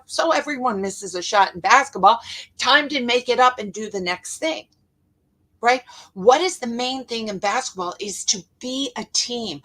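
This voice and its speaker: A middle-aged woman hosting a motivational talk as a life coach, telling stories in an earnest way and acting out quotes with lively jumps in her voice. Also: fairly high pitch. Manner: earnest, storytelling, animated quoting.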